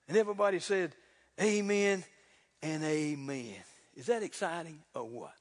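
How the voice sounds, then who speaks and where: A man preaching a sermon in a folksy, fervent way, building to loud exclamations. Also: fairly high pitch, animated, normal speed. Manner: folksy, repeats "look here". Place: church sanctuary. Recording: reverberant church hall.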